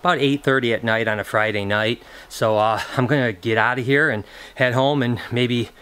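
A middle-aged man talking casually to camera as a vlogger host, chatty and excitable, calling his viewers guys. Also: medium pitch, normal speed, clear, resonant tone. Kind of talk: casual vlog talk to camera.

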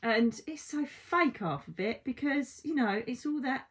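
A woman's voice: fairly high pitch, moderate pace, few pauses. Chatty, blunt woman reading cards. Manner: chatty, blunt and swearing, with lively asides. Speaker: psychic card reader. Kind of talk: casual oracle card reading. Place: at home by window blinds.

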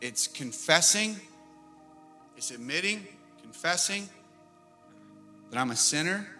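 Animated preacher, bright high voice. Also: male voice, takes it slowly. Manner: animated preaching, swinging between loud and soft. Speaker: pastor. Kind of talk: sermon. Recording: long hall reverb with faint music.

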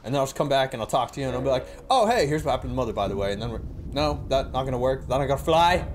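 A man's voice: mid-range voice, expressive, rapid-fire, slight background noise. A man playing a horror game and commentating it, jumpy and exclaiming, joking to his viewers. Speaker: let's play gamer. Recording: game music behind.

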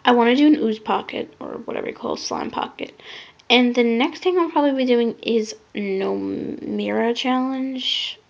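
A young woman with a somewhat high, gravelly voice chats loosely in a casual vlog, drifting off into quiet mutters between thoughts. The sound is dull and lo-fi, as if captured on a phone. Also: moderate pace. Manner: rambling, trails off into soft mutters. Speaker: makeup vlogger. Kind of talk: casual rambling vlog chat. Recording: lo-fi phone recording.

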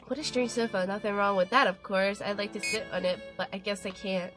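Young woman let's player, mid-pitched, chatty and jokey, game music under her voice. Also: fairly quick, hardly any pauses, fairly bright tone. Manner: chatty, jokey, reads game text aloud. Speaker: gaming channel host. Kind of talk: let's play commentary.

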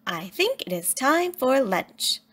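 A woman voicing a patient, kindly female schoolteacher who speaks clearly, as if explaining a lesson. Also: high voice, very animated, slow pace, fairly bright tone, pitched above the performer's own voice, exaggerated voice. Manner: clear and instructive.

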